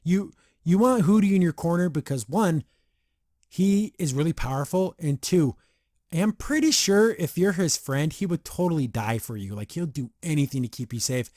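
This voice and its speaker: A man hosting a podcast, giving a casual episode review in a rambling, excitable way full of fillers. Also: a little high, normal speed, dry recording, clean studio sound. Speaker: podcast host.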